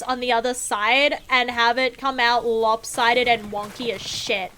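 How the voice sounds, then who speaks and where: A woman's voice: on the high side, little pitch movement, a little slow, hardly any pauses, pushed and bright. A young woman streaming a game live, chatting casually with viewers in a playful, sarcastic way and swearing freely. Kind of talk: casual live-stream chat while gaming.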